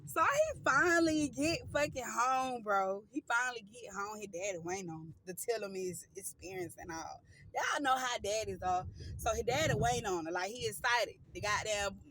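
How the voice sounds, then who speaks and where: A woman casually telling a story to her viewers, loose and animated, full of slang and acting out the people she quotes. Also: medium pitch, normal speed, a little hiss or hum, rough recording.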